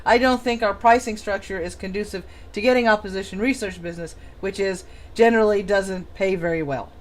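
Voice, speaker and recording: A woman's voice: mid-range voice, a little fast. A woman hosting a casual chat stream, reading testimony aloud with sarcastic asides and frequent laughter. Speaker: podcast host.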